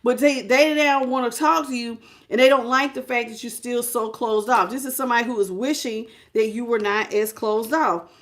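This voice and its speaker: Greeting chat members and talking straight to the viewer, a woman gives a relaxed live tarot reading. She speaks at a moderate pace in a slightly high voice, with hardly any pauses.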